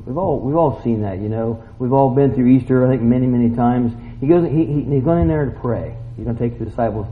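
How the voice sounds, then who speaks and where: A man preaching a sermon in a folksy, animated way, moving between loud exclamations and quiet asides, asking the crowd questions. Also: medium pitch. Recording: dull lo-fi sound.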